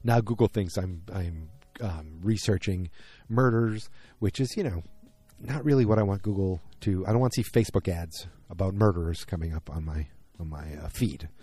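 A man's voice: deep voice, moderate pace, warm tone, slightly rough. A man casually recapping a TV episode, rambling, correcting himself and acting out the characters' lines. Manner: rambling, self-correcting, acts out quotes. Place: outdoors.

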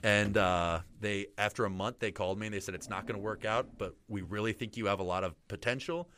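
Bright-voiced man telling a story. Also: fairly low pitch, fairly quick, slight background noise. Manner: animated, rambling with many fillers. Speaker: guest, professional wrestler. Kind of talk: casual storytelling interview.

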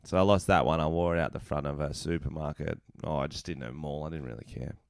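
A man's voice: extremely low pitch, fairly even intonation, fast talker, vocal fry, clean tone. A man co-hosting a podcast, telling stories in casual chat and laughing often. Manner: laughs often, tells stories with quoted voices. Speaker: podcast co-host.

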